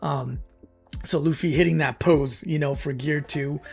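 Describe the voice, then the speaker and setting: A man hosting a livestream, telling a story in casual, excited, rambling chat full of fillers and emotional outbursts. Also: on the high side, unhurried, creaky, breathy edge, faint music behind. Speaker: streamer and channel host.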